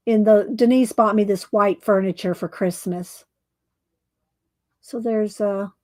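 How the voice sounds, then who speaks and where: A woman's voice: medium pitch, darkish tone, no room sound. A woman hosting a casual livestream, chatting in a rambling way and thinking aloud as she shows her work. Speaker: livestream host showing her art.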